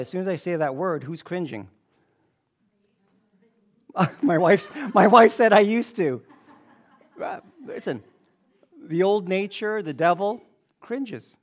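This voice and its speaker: High-voiced and animated, a pastor delivers an energetic sermon, trading banter with the congregation in between points.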